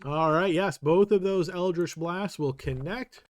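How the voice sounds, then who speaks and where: High-voiced man running a game. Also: dry recording. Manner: brisk, matter-of-fact rulings. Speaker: game master. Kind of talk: narrating a tabletop game.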